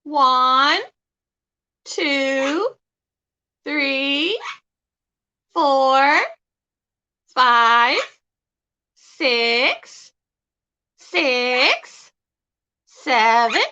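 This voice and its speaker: A woman's voice: high voice, sharp tone. A woman hosting a pet channel, chatting to her birds in a coaxing, sing-song way and laughing often. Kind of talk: casual talk to pet birds.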